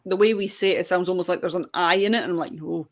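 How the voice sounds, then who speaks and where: A woman's voice: on the low side, fairly even intonation, fast. Guest: Northeast Scottish woman, wry, laughs easily, casual chat. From Scotland. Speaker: guest, show producer.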